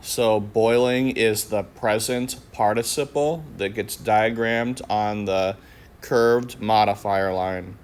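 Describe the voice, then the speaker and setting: A man's voice: on the low side, fairly even intonation, slow, clean tone. A man teaching a grammar lesson, walking through each sentence with patient questions and answers.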